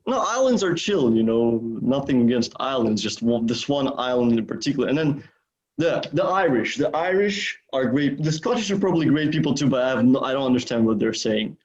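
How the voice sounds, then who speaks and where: A man's voice: medium pitch, expressive, a little fast, a little mellow, highs cut off. A man co-hosting a podcast in casual, profane chat, full of filler words. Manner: rambling, profane, many "like"s. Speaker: podcast co-host.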